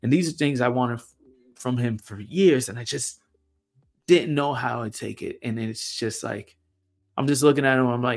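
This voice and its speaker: A young man hosting his own show, talking through personal reflections in a halting way with lots of fillers and repeated words. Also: medium pitch, creaky. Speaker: podcast host. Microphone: camera mic.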